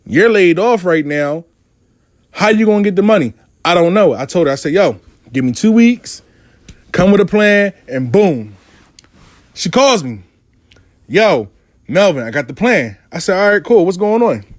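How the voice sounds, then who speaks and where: Animated, profane New man. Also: high voice, normal speed, dry recording. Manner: animated, profane street talk. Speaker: money coach. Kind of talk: casual storytelling monologue.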